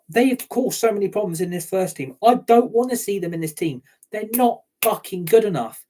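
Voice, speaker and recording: Furious football fan ranting. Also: male voice, high-pitched, lively intonation, normal speed, hardly any pauses, warm tone. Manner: heated, ranting, heavy swearing. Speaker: football fan channel host. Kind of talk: angry fan rant to camera.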